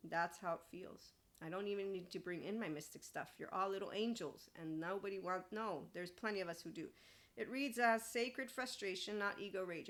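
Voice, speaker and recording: A woman's voice: medium pitch, fairly bright tone. A woman hosting a spiritual self-help podcast, talking in a blunt, opinionated monologue and swearing freely. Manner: reads an AI answer aloud and responds to it. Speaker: podcast host.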